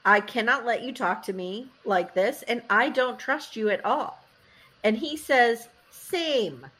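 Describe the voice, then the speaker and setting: This woman recaps a reality show on a casual podcast, telling it as a lively story. She acts out the quotes and says "like" a lot. Her voice sits a bit high. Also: unhurried. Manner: animated storytelling, acting out quotes, frequent "like". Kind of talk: casual chat.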